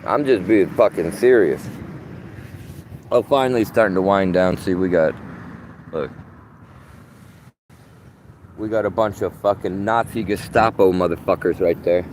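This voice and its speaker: A man's voice: low voice, unhurried, pauses often, darkish tone, poor audio. A man ranting on a livestream while sitting beside a tree outdoors, profane and agitated, circling back on his own words. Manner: profane, agitated, rambling with restarts. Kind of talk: rambling livestream rant. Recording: outdoor traffic noise.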